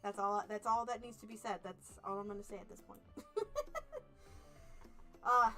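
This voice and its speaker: A young woman streamer reading an otome game aloud and chatting with viewers, animated, laughing often and playfully mock-angry. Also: medium pitch, normal speed, soft background music. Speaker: VTuber streamer.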